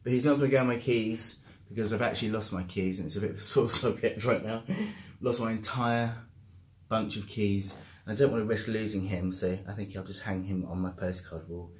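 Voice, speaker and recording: A British man in his thirties keeps a casual video diary on a handheld camera. His voice sits a little low, and he chats warmly and laughs easily, often talking himself through the day. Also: steady tone. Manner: chatty, self-talking, quick to laugh. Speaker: vlogger.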